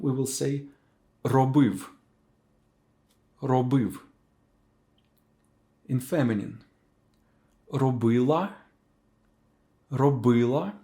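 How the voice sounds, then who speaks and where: Unhurried male tutor, careful and repetitive, mid-pitched voice. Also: mellow. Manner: slow, careful, repeats each word for learners. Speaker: language teacher. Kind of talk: slow spoken language lesson.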